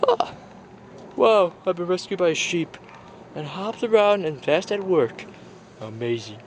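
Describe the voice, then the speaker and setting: A man telling a toy story in a playful way, jumping between silly high and low character voices. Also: animated, a little slow, long pauses, slight background noise. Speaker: toy video maker voicing all characters.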